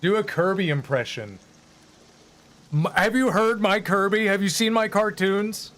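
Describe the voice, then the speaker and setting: A young male streamer with a high voice. He talks in a loose, joking, rambling way, as if chatting with viewers. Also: a little slow, fairly bright tone. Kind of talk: casual live-stream chat.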